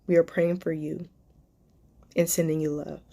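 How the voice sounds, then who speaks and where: A woman with a slightly low voice hosts a live stream Q&A as a life coach. She talks to her viewers with deep affection, calling them darling, baby and sweetheart. Her encouragement is spiritual and emotional, close to tears. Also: flat delivery, normal speed, vocal fry, dark tone.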